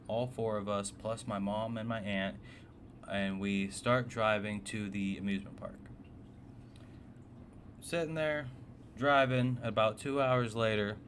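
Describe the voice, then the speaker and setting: A man's voice: lowish voice, fairly bright tone. A man casually narrating a personal story, blunt and swearing often, with a faintly noisy background. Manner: blunt, profane, exasperated.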